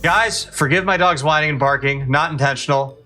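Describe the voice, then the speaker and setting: A male commentary host with a bright, forceful voice pitched a bit high for a man. He talks indignantly and sarcastically about the clips he plays. Faint music runs behind him. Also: normal speed. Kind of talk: political commentary reacting to clips.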